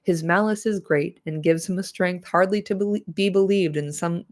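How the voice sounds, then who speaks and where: Woman reading as a steady, stern ranger. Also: on the low side, moderate pace, natural voice. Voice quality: nasal.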